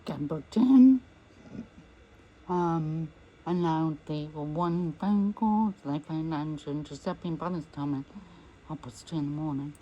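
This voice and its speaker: A woman's voice: sits low, mellow, breathy edge, muffled recording. A woman recounting a personal ordeal as an interviewee, acting out what others said to her. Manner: slow recounting that acts out quoted speech. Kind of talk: personal storytelling.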